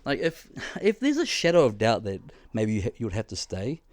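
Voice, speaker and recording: A man's voice: on the low side, a little fast, dry recording. A young man, co-hosting a casual podcast, telling stories frankly and with plenty of swearing. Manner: frank, sweary, animated storytelling with acted-out quotes. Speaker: podcast co-host.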